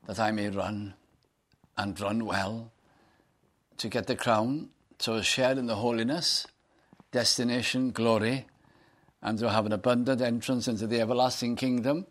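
A man's voice: on the low side, steady tone, moderate pace. A man preaching a sermon, reading scripture aloud and putting earnest questions to his listeners.

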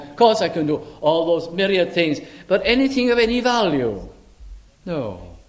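Older preacher, slow and reflective. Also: male voice, mid-range voice. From Wales. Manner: unhurried, reflective, with dramatic slow emphasis on scripture. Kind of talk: sermon.

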